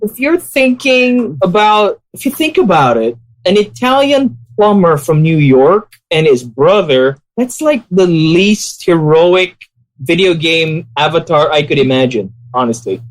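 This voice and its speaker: A podcast co-host in easy, joking chat, recorded dry with no room sound. The voice sits at a middle pitch and drops quick, wry remarks. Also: sing-song, dry recording, rough recording.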